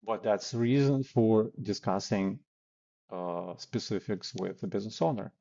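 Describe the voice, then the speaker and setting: A man's voice: fairly low pitch, measured pace, gravelly, dark tone, highs cut off. A man teaching phone sales techniques in a casual way, acting out sample call lines as he goes. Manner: casual, demonstrates cold-call lines aloud. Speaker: sales trainer. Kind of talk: instructional talk with role-play examples.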